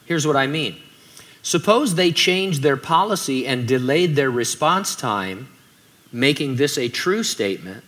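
Guy preaching a sermon, bright clear voice, chatty and jokey. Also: a little high. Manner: conversational, joking asides. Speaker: pastor.

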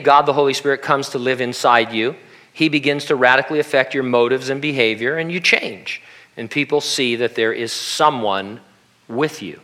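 A man's voice: mid-range voice, sharp tone. A man preaching a sermon in a conversational way, with humorous asides and acted-out quotes. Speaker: pastor.

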